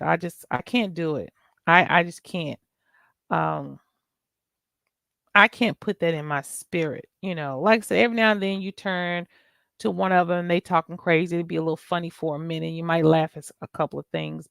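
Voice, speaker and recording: A woman's voice: low voice, vocal fry, a bit bright, no echo, clean studio sound. A middle-aged woman hosting her own vlog, talking in an emphatic, exasperated, preachy way. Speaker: YouTube channel host. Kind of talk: casual vlog rant.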